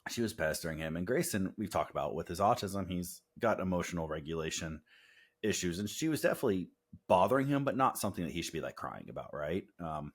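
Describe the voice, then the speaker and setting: A man co-hosting a podcast, telling family stories in casual chat with animated, self-deprecating humor. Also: deep voice, quick pace. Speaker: podcast co-host.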